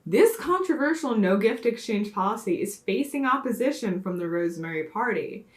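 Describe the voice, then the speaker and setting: A woman playing an earnest TV news anchor in a comedy sketch, in a crisp newsreader delivery. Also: medium pitch, animated, normal speed, echoey room, natural voice. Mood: newsy.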